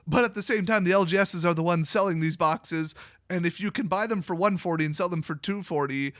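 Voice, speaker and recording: A man's voice: sits high, a little fast, fairly bright tone, no room sound, studio quality. A young man from Wisconsin giving blunt, sarcastic solo commentary as a card game video host.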